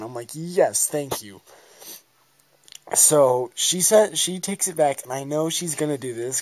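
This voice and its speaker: A man's voice: fairly high pitch, a little mellow, no echo. A man talks through a game battle move by move, rambling and goofy, often acting out his own reactions. His voice sounds close and dry, with no room around it. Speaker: gamer narrating a battle.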